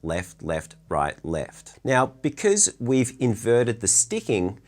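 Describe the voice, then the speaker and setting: A man giving a relaxed, chatty drum lesson from his drum room, counting beats aloud as he explains stickings. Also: mid-range voice, slow pace. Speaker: drum teacher.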